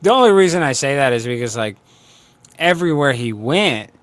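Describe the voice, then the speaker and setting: A man's voice: medium pitch, lively intonation, a little fast, slight background noise. A man hosting a casual interview, rambling and opinionated as he thinks aloud. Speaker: host.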